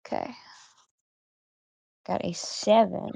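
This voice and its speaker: A woman player in a tabletop game, describing her character's actions haltingly with many fillers. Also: fairly low pitch, wildly swooping pitch, vocal fry, noisy background.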